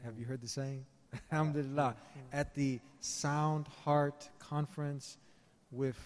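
A man's voice: fairly high pitch, little pitch movement, unhurried. A man hosting a live talk show at a conference, wrapping up with an upbeat promotional sign-off. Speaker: host. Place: conference hall. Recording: long reverb of a conference hall.

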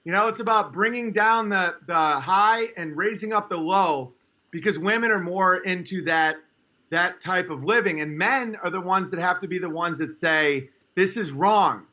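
A high-pitched man with a bright, forceful edge talks at length as a guest. He rambles and pushes his points hard, and he imitates other people in squeaky put-on voices. The sound is slightly muffled and lo-fi. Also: moderate pace. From New York State. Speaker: guest, stand-up comedian. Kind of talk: casual conversation on a podcast.

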